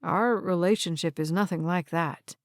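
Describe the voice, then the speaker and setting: A woman's voice: lowish voice, normal speed, dry recording, close to an everyday voice. A woman voicing a friendly, slightly bashful young man in an audiobook, recorded dry.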